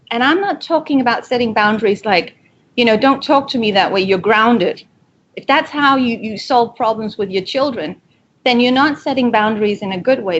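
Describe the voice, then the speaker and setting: A woman's voice: a little high, lo-fi sound, a little hiss or hum. A woman giving a direct, coaching motivational talk to an online audience and acting out short quoted exchanges. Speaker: speaker giving a webinar talk. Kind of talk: motivational presentation.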